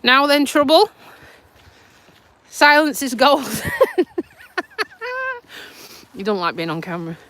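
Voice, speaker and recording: A woman's voice: high voice, sing-song, slow, pauses often, fairly bright tone. A woman from Lincolnshire with a Lincolnshire accent and a stuffy nose, chatting casually on a live stream while out walking, recorded on a phone. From Lincolnshire, England. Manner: chatty and self-mocking, with frequent laughs and dialect words. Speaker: vlogger. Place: outdoors on a countryside walk.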